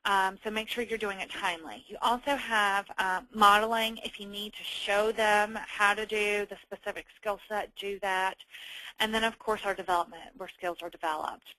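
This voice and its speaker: A woman, an HR manager, giving a conversational webinar presentation, often pausing on ums and restarting her sentences. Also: medium pitch, fairly even intonation, pushed and bright, dry recording, low-quality recording.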